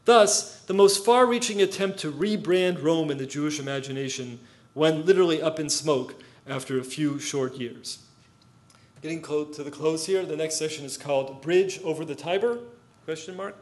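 A man giving an academic lecture, reading from his notes in a measured way, with spoken asides and quoted passages. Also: on the high side. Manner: measured, reads quotes aloud, adds asides.

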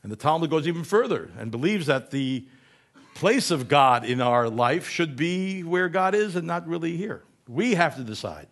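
A man's voice: on the high side, lively intonation, moderate pace, a bit bright. A man giving a humorous lecture in a conversational way, often asking "right?" and correcting himself mid-word.

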